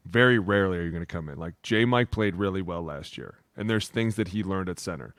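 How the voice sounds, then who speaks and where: A man's voice: low-pitched, quick pace, fairly bright tone, no room sound. A man, a former lineman co-hosting a podcast, rambling in a loose, profane locker-room way. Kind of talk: casual chat.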